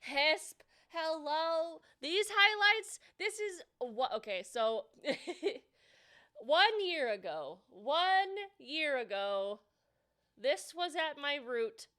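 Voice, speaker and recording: A bubbly woman streamer with a high, slightly nasal voice and a bright, sharp edge, chatting casually with her viewers. She greets each chatter by name in easy, playful back-and-forth. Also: sing-song, slow. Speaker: livestreamer. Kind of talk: casual livestream chat.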